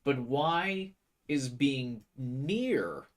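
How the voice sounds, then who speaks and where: A man's voice: medium pitch, expressive, extremely slow. A man giving casual, sarcastic commentary while playing a video game, asking questions and poking fun at the story. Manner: chatty, quizzical, sarcastic. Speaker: gameplay commentator. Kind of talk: casual let's-play commentary. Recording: voice over loud game music.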